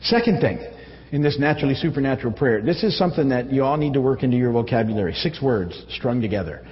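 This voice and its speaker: A man preaching a conversational sermon to his church, halting often with fillers and restarts. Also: mid-range voice, animated. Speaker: pastor. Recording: echoey hall, dull audio.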